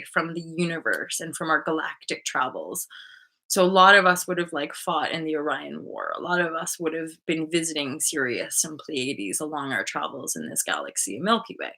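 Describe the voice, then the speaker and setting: A woman's voice: on the low side, pushed and bright. A woman hosting her own channel as a spiritual coach, talking in a loose, rambling way, full of "like" and casual swearing.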